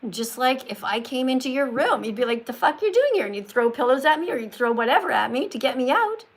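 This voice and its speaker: Emphatic lecturing woman with a gravelly voice. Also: high voice, lively intonation, a little fast. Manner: emphatic, lecturing, corrects pronunciation. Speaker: livestream host talking with callers. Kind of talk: live-stream call-in chat.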